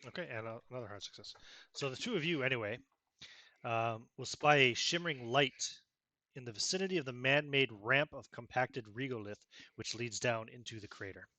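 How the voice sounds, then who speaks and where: A man's voice: mid-range voice, a little fast, pushed and bright. A man running a tabletop game as game master, talking with frequent fillers and self-corrections.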